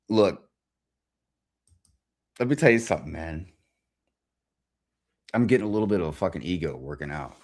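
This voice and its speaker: A man's voice: deep voice, animated, normal speed, long pauses. A man hosting a livestream, ranting casually in a rambling way and swearing constantly. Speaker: livestream host. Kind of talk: profane casual rant.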